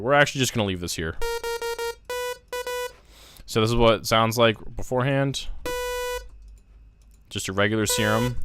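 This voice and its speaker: A young man casually walking through synthesizer settings in a music production tutorial, thinking aloud with fillers as he works. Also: lowish voice. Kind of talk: casual screen-recorded tutorial.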